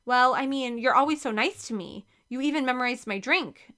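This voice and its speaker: A woman's voice: high voice, normal speed, bright, forceful tone, voice pushed up. A woman reading the part of a nervous, awkward teenage boy who stammers and hesitates.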